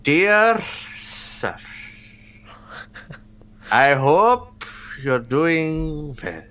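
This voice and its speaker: A man putting on an exaggerated Indian accent to voice a pushy young singer, reading an email in a slow, drawn-out way. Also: on the high side, sing-song, fairly bright tone, exaggerated voice. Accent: put-on Indian. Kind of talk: comic mock reading of an email.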